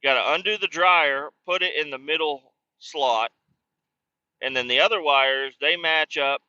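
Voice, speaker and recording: A man in his thirties talks through a trucking game in a loose, rambling way, dropping curse words as he drifts into stories. His voice is bright and forceful. It comes through a dry, slightly muffled mic. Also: on the high side, a little slow, dry recording. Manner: rambling, profane, laid-back. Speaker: streamer playing a trucking game. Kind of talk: casual gameplay chat and storytelling.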